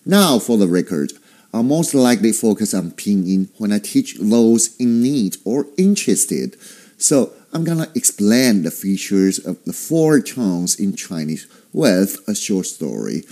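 A man hosting a casual language lesson, explaining slowly and deliberately with playful asides. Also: on the low side, sing-song, mellow. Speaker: host teaching basic Chinese.

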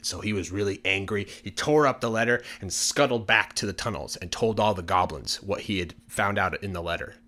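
A man casually telling a folk tale for English learners in a relaxed, chatty way with many fillers. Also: low voice, a little fast, hardly any pauses. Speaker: storyteller.

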